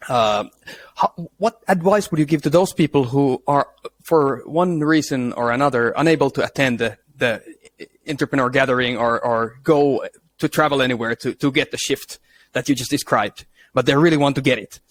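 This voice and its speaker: A man hosting a podcast, asking questions haltingly with many restarts and fillers. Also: mid-range voice. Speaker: podcast host. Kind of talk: interview questions.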